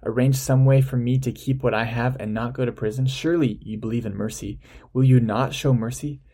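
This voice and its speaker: A man voicing a desperate male debtor begging for mercy, in a husky, mellow voice. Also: medium pitch, steady tone, brisk. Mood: pleading. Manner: pleading.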